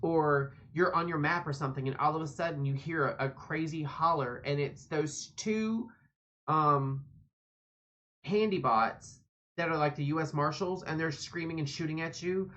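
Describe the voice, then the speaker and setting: A woman's voice: sits low, normal speed, a bit bright, highs cut off. A woman streamer giving casual gameplay commentary, rambling and sassy, swearing often.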